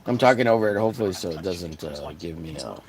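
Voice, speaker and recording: Quick-paced and expressive, a man with a low, darkish voice casually talks to live-stream viewers as he paints. He jokes, mutters to himself and breaks into silly sing-song, with a video playing in the background of his home studio.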